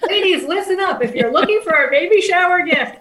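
High-voiced encouraging woman host. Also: expressive, a little fast, fairly bright tone, slight background noise. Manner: encouraging, agreeable. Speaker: interviewer host. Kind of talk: casual interview chat.

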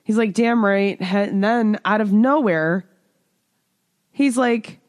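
A woman's voice: mid-range voice, slow, dry recording, clean studio sound. A woman co-hosting a podcast, telling a dating story in casual chat and mimicking the texts she got. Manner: animated storyteller, reads out texts in mimicked voices. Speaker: podcast co-host.

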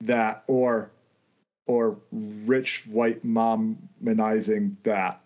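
A man's voice: lowish voice, flat delivery, drawn-out words, darkish tone. Swearing, ranting man on a lo-fi podcast. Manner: ranting, swears freely, stumbles and restarts. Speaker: podcast co-host. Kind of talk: casual podcast chat. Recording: dull lo-fi audio.

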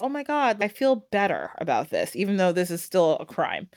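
Animated woman retelling a fairytale. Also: medium pitch, brisk, few pauses, dry recording, studio quality. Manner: animated, laughing, acts out quoted lines. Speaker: podcast host.

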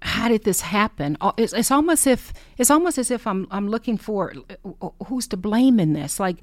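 A woman hosting a podcast, talking unscripted in an earnest, heartfelt way with many pauses. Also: mid-range voice, lively intonation, dry recording, studio quality. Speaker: podcast host. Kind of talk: unscripted personal talk.

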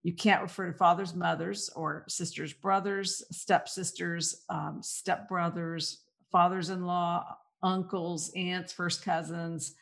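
A woman's voice: on the low side, little pitch movement, slow, creaky, fairly bright tone. Sardonic woman co-hosting political talk. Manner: sardonic, mocking, lists things off. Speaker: podcast co-host. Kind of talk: political talk show chat.

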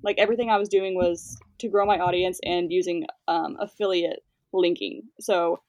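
A woman in her twenties, a guest influencer, chatting casually and quickly with lots of fillers and laughs. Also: on the low side, fairly even intonation, a little mellow, no room sound. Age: 20s. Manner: fast-talking, filler-heavy, laughing. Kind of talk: casual interview chat.

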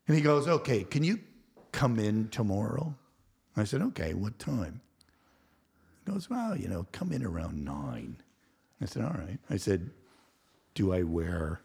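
A man in his sixties with a rough, gravelly voice sits in on a podcast as a guest and tells a story from his working years. His pitch sits low but swings widely as he acts out the people he quotes, and he swears freely along the way. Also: big pitch swings, normal speed, darkish tone. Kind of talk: storytelling in casual chat.

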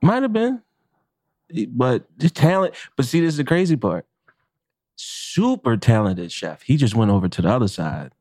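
A man, a chef and podcast co-host, telling a story in a casual, profane and animated way. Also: medium pitch, normal speed, dry recording, studio quality. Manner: animated, profane, acts out quotes with laughs.

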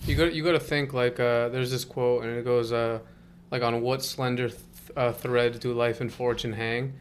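A man muses reflectively in a casual conversation, his voice at an ordinary middle pitch. Faint noise sits under the recording. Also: steady tone, moderate pace. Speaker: conversation participant. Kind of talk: casual chat.

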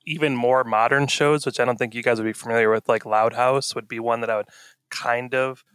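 Rambling, halting man in casual chat. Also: mid-range voice, fairly even intonation, fairly bright tone, clear, resonant tone, dry recording, clean studio sound. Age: adult with a young daughter. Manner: rambling, full of "like" and restarts. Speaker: podcast co-host.

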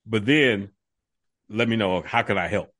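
A man co-hosting a podcast, telling stories in animated, casual chat and laughing often. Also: fairly low pitch, measured pace. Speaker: podcast co-host.

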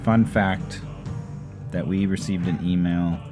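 A podcast co-host in a relaxed, rambling chat, with fillers and casual swearing. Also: low voice, takes it slowly, music in the background. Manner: laid-back, rambling, with fillers and mild swearing.

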